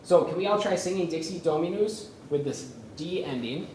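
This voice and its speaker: A man presenting a workshop on chanting psalms, speaking haltingly with many fillers and humming melodies to show them. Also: on the high side, darkish tone, a little hiss or hum. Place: conference room with a live audience. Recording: roomy echo from a lecture space.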